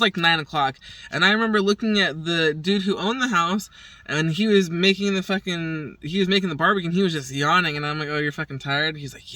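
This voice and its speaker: With a deep, sharp-toned voice, this podcast host tells a meandering story on her own show, cursing freely and performing the quoted dialogue herself. The audio has no room sound, though the mic is distant.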